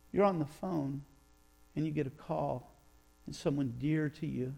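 A man preaching a sermon, retelling scripture in a storytelling way, acting out sighs and quotes and slowing down for emphasis. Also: on the high side, gravelly, a little mellow, breathy edge. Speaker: pastor.

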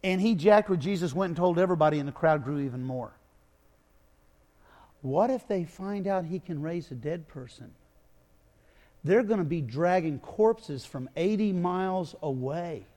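High-voiced preacher telling a story. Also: male voice, expressive, moderate pace. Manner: dramatic storytelling, acting out biblical dialogue with swings from loud to hushed. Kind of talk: sermon.

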